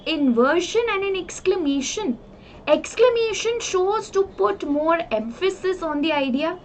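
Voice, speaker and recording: A woman's voice: sits high, slight background noise, low-quality recording. A young woman with an Indian English accent, explaining a poem in a lesson, earnestly repeating and paraphrasing each line. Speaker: teacher.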